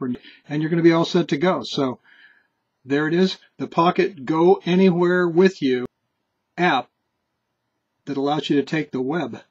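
Husky-voiced man explaining an app. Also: medium pitch, a little mellow, no echo, muffled recording. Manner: casual, chatty explaining with restarts. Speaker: tutorial host. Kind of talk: screen-recorded app tutorial.

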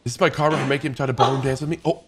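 A man hosting a reaction video, commenting casually and breaking into laughs and shouts. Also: mid-range voice, steady tone, very fast. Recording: clicky background noise.

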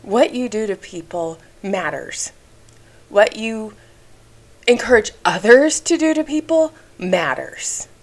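A woman's voice: mid-range voice, animated, takes it slowly. A woman vlogger talking straight to the camera in an indignant, emphatic rant, stopping often to ask "okay?", and at times getting emotional. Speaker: YouTube commentary creator.

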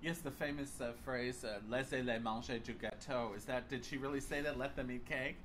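Enthusiastic male interviewer, medium pitch, gushing talk sprinkled with French, faint hiss. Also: fairly even intonation, brisk, a bit bright. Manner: enthusiastic, tries out bits of French. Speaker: interview host. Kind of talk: casual interview.

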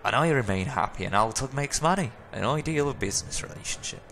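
A man's voice: mid-range voice, animated, quick pace, vocal fry, a bit bright, a little hiss or hum, voice pushed up. A man doing a smug, jowly old cafe regular. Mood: genial. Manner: smug, drawling, relishes bickering. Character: jowly, amused older male coffee-shop regular. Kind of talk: reading a video game's dialogue aloud.

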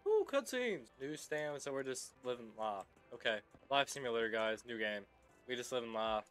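A man's voice: medium pitch, steady tone, fairly quick, a bit bright, faint music behind. Goofy young man rambling over gameplay. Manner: goofy, rambling, calls everyone brother. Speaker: gaming YouTuber. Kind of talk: casual gameplay commentary.

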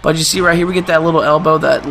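A young man hosting a gaming channel, giving excitable, trash-talking gameplay commentary and laughing often. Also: a little high, very fast, vocal fry, slight background noise.

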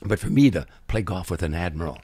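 Older male comedian guest, husky voice, acts out every character, dry close sound. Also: sits low, fast, dry recording. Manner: acts out other people's voices and sound effects, lively storyteller. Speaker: comedian guest telling stories. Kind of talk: animated anecdote telling.

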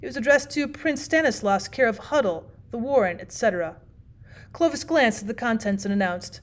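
Expressive woman teacher reading a classic story. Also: on the high side, normal speed. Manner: steady, expressive reading with frequent "well" fillers. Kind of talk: audiobook narration.

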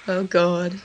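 A woman's voice: fairly low pitch, fairly bright tone, a little hiss or hum. An Australian woman chatting as a podcast guest, a chatty storyteller who laughs easily. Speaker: guest, wrestler. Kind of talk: casual podcast chat.

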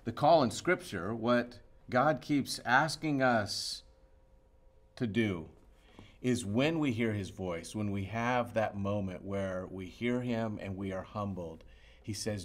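A man delivering a church sermon in a fairly low voice. He preaches expressively, rising to loud emphatic peaks and dropping to hushed, quiet lines. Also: slow. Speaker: pastor.

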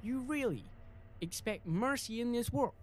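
A man's voice: high-pitched, big pitch swings, slow, a bit bright, slight background noise, voice pushed up, exaggerated voice. A man voicing a threatening male gang raider in a clumsy put-on English accent. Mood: menacing.

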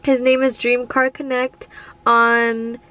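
A woman in her twenties talking in a casual vlog, gushing and excited, full of "like" and "oh my god". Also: fairly high pitch, takes it slowly. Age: 20s. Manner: sleepy early-morning whisper. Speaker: vlogger.

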